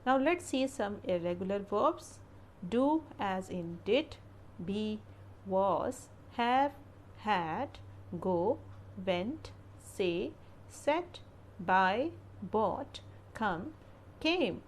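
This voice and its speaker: Female teacher, measured slow grammar narration, drilling examples; light background noise. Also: medium pitch, animated. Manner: careful, drilling word lists. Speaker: English teacher.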